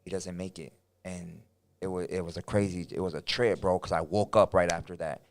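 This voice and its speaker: Very low-voiced LA man, slangy podcast co-host. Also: fairly even intonation, a little fast, no room sound. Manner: street slang, says bro and homie. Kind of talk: casual podcast chat.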